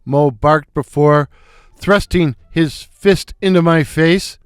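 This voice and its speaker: An older man narrating a comic story in a wry, unhurried way. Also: fairly high pitch, smooth, no room sound, clean studio sound, soft background music. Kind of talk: scripted narration.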